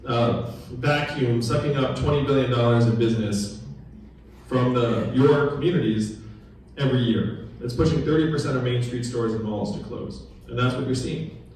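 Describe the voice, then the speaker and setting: A man's voice: medium pitch, normal speed, a little mellow, slight background noise. Male political candidate, conversational stump speech, quizzes the audience, distant mic in a very reverberant hall. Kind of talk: town hall campaign speech. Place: large echoey room at a political gathering. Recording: very echoey room recorded from afar.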